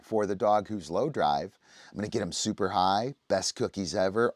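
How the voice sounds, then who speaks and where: A man's voice: fairly low pitch, normal speed, no room sound, clean studio sound. A man teaching dog training on a livestream, explaining casually and often checking in with the listener. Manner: conversational, explaining, often asks "right?".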